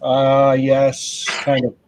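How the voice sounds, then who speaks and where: A man hosting a relaxed, joking hobby chat. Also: mid-range voice, very slow. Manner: relaxed, joking, talks while unboxing. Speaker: host. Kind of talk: casual chat.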